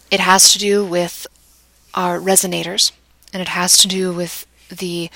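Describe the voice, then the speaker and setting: A woman lecturing in a measured, explanatory manner, now and then restarting her phrases. Her voice carries a light gravelly fry, recorded dry with little room sound. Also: medium pitch, sharp tone, dry recording, rough recording.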